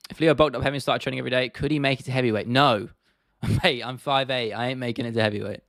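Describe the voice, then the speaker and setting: Young male streamer, mid-pitched, easygoing and sweary, dry close mic. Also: fairly even intonation, fast, a bit bright, dry recording. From United Kingdom. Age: 20s. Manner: laid-back, sweary, laughs often. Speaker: livestream host. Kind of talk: casual livestream Q&A.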